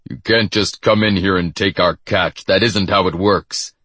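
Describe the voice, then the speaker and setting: A man's voice: low-pitched, steady tone, normal speed, a bit bright, no room sound. Man playing a towering, sneering exterminator. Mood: hostile. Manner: sneering, irritable. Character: very tall hostile male exterminator, territorial.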